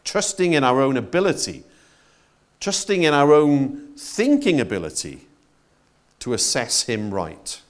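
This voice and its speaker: A man delivering a sermon with a medium-pitched voice that rises and falls dramatically. He talks to the congregation directly and conversationally, letting his voice leap up when excited and drop low and quiet on serious points. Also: unhurried. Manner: expressive, conversational preaching with wide swings in pitch and loudness. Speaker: preacher.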